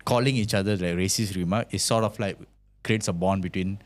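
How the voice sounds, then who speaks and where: Man, Malaysian English accent, deeper voice, relaxed interview guest, laughs easily. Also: a little fast. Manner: laid-back, laughs often, lots of fillers. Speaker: filmmaker guest. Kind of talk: casual interview chat.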